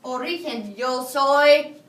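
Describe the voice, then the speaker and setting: A woman teaching a Spanish review lesson to a high school class, firing questions and having students repeat after her. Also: slow, noisy background. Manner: drills students with call-and-response questions. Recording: echoey classroom from far off.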